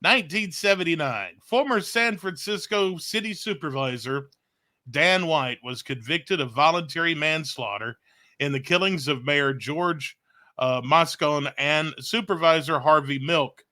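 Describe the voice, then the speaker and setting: A man's voice: fairly high pitch, measured pace, bright, forceful tone. A man co-hosting a casual talk show, reading out date facts with a joking manner. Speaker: radio morning show co-host.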